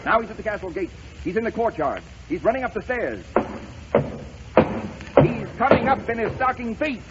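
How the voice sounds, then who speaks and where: A man playing a court chancellor who calls the action in rapid race-commentary patter, in a 1930s radio comedy sketch. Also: sits high, expressive, highs cut off, pitched above the performer's own voice. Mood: excited. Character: male chancellor calling a race like an announcer. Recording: scratchy 1930s radio broadcast.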